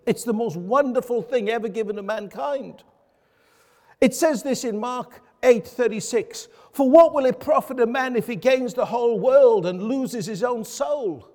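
Guy pastor preaching, high voice, earnest, lots of rhetorical questions, long echo off the hall. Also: measured pace, a little mellow. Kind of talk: sermon.

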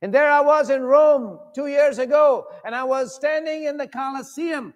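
A preacher delivers his sermon in a high, ringing voice, shouting at his strongest points and sweeping his pitch up and down. His voice rolls around a hall with a long, trailing reverb. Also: normal speed, hardly any pauses, highs cut off. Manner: shouts and swings his pitch widely for emphasis.

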